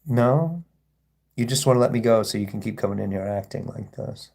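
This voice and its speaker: A man's voice: lowish voice, brisk, vocal fry, darkish tone. A man hosting a casual livestream, rambling and sarcastic as he reads and answers chat comments. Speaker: livestream host.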